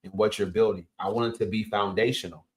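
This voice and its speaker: A man's voice: fairly low pitch, quick pace. A man, a coach and host giving an emphatic, casual motivational talk. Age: 50s. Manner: energetic, emphatic, punchy interjections.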